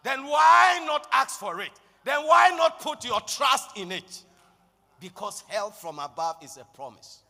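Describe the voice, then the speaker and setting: Man, preacher, impassioned sermon, shouted declarations, very high voice, long hall echo. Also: sing-song, measured pace, creaky.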